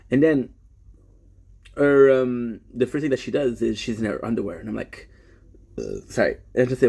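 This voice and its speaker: A young man talks to his live-stream viewers in a gravelly, husky voice. He rambles through a personal story, breaks off mid-sentence and keeps correcting himself. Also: mid-range voice, expressive, normal speed, mellow. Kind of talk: confessional live-stream monologue.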